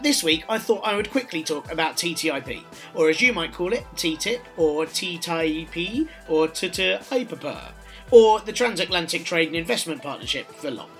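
Sardonic British man with a bright voice. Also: fairly high pitch. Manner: sardonic, dry mocking delivery. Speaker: satirical news presenter. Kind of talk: scripted satirical monologue.

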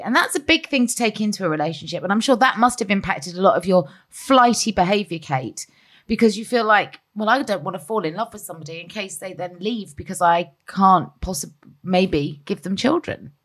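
A woman's voice: medium pitch, lively intonation, a little fast. A woman hosting an interview in a conversational way, with playful asides. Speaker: interview host.

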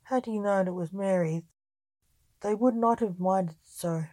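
A woman reading a story aloud in a slow, measured storybook narration. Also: mid-range voice, mellow, dry recording, poor audio.

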